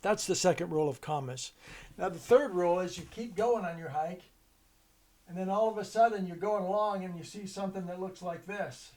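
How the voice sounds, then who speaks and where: A man's voice: sits high, brisk, a little mellow. A man teaching a homeschool grammar lesson, explaining it as a loose, conversational story with many restarts.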